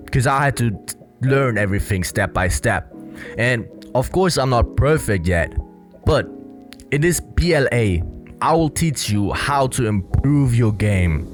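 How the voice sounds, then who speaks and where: A young man giving casual commentary as a body language coach, earnest, with many fillers. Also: mid-range voice. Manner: earnest, repetitive, filler-heavy explaining.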